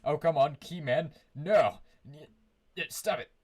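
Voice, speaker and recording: A man's voice: fairly high pitch, a little slow, darkish tone. A man giving casual live commentary on his game from his own room, rambling, humming to himself and restarting his sentences often. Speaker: streamer.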